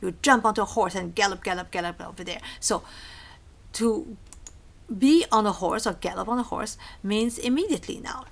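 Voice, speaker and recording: A woman's voice: medium pitch, moderate pace, vocal fry. A woman teaching a recorded language lesson, explaining patiently and acting out small scenes as examples.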